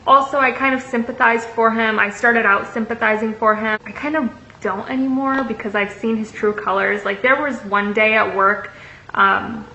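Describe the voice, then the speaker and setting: A woman's voice: a little high, steady tone, normal speed, creaky, sharp tone, slight background noise. A young woman vlogger telling a story in a casual, chatty way, swearing freely and filling her talk with likes and ums. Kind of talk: casual storytime, reading messages aloud. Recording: echoey room, slightly muffled.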